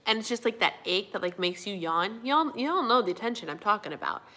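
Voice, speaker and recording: Bright-voiced woman chatting live with viewers. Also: mid-range voice, animated, a little fast. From Minnesota, USA. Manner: chatty, fillers and yawning, says y'all. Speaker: livestream host. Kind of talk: casual live chat reading viewer comments.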